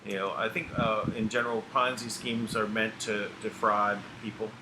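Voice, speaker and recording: Halting male host over loud noise. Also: fairly low pitch, flat delivery. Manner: halting, hesitant with fillers. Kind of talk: casual chat. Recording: loud hiss and air conditioning hum.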